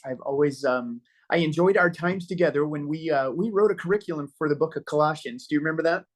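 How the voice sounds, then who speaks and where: Animated middle-aged pastor telling stories. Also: male voice, a little high. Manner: animated storyteller, acts out quoted dialogue with filler pauses. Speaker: pastor, podcast guest. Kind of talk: casual storytelling conversation.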